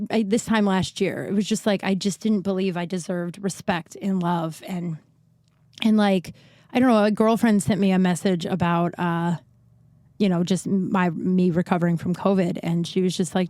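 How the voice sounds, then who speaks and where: A woman's voice: fairly low pitch, fairly even intonation, brisk, mellow, no echo. Casting note: candid woman in her thirties, still unwell and short of breath, chatty solo podcast with a dry, close sound. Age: 30s. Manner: rambling, frank, with many likes and restarts. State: recovering from illness, short of breath. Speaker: podcast host. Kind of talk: casual solo podcast monologue. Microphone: new podcast mic.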